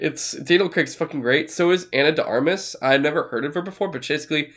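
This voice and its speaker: Here a man with a slightly high, fairly bright voice talks quickly while co-hosting a casual podcast. His chat rambles along with fillers, restarts and the occasional swear word.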